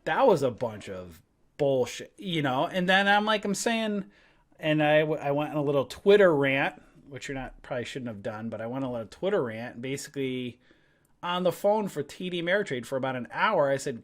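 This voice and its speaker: A man's voice: a little high, big pitch swings, brisk. A man hosting a stock trading live stream, ranting about his bad day with swearing and frustrated laughter, then walking through charts. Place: home trading desk.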